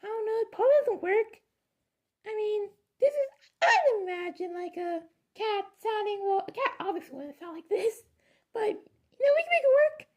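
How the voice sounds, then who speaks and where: A woman putting on a high, playful cat voice for her made-up language. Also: expressive, moderate pace. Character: squeaky high-pitched cat creature.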